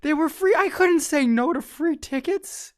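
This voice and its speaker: A man's voice: extremely high pitch, a little slow. A man from California telling a story in casual chat, acting out quotes and laughing often. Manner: animated, acts out quotes in raised voice, laughs often.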